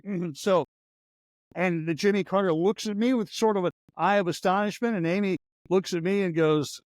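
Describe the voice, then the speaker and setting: A podcast host in his sixties who used to work in radio news spins wry, anecdotal stories in a rambling, casual chat. His voice sits high, his pace is moderate, and the recording is dry.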